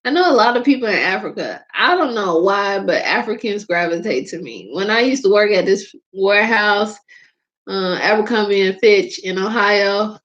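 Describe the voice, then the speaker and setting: Female host from Georgia with a Southern accent, mid-pitched, unhurried, chatty and laughing, on a muffled low-fi recording. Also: lively intonation, a bit bright. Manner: rambling, laughs often, drawn-out words. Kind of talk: casual chat.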